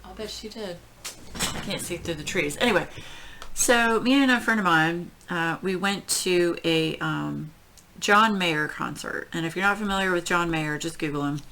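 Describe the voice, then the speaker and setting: A middle-aged woman telling a story at home in casual chat, rambling and animated, with many fillers. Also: fairly low pitch, moderate pace. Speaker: crafting channel host.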